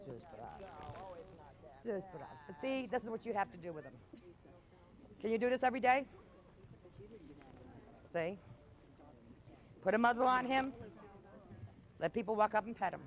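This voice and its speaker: A woman's voice: on the high side, moderate pace, long pauses. A woman dog trainer running a hands-on session in an outdoor field, firm and no-nonsense with owners and coaxing with the dog.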